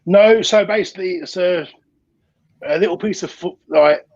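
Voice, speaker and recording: British guest, husky and matter-of-fact, dry and dull remote audio. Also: male voice, sits high, moderate pace, darkish tone, no echo. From United Kingdom. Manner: matter-of-fact, explains in short plain sentences. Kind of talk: casual chat.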